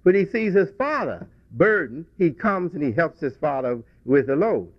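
A man's voice: a little high, sing-song, normal speed, dry recording. A man speaking to a congregation, telling a childhood story in a folksy way with frequent restarts. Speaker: religious speaker. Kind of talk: reflective talk to a congregation. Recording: dull dry lo-fi recording.

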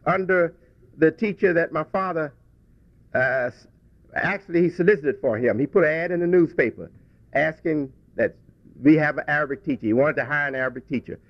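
Man, fairly high voice, folksy storyteller, repeats and restarts, muffled dry old recording. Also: fairly quick, no echo. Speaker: religious speaker. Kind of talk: reflective talk to a congregation.

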